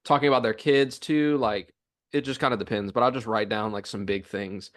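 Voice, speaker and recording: A man's voice: on the low side, fairly even intonation, a little fast. A young man co-hosting a podcast, talking casually about his chiropractic office routine, full of "um" and "like" and acting out office dialogue. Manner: rambling, filler-heavy, acts out office dialogue.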